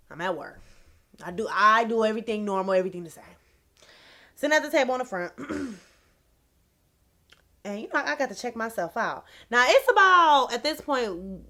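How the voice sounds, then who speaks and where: A young adult woman, telling a casual, animated, slangy storytime on her vlog. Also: on the high side. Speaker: vlogger.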